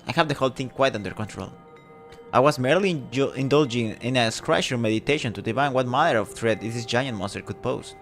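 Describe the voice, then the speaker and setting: A man voicing a flustered woman village mayor who sounds fretful, prim and high-strung. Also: fairly quick, a bit bright, soft background music, close to an everyday voice.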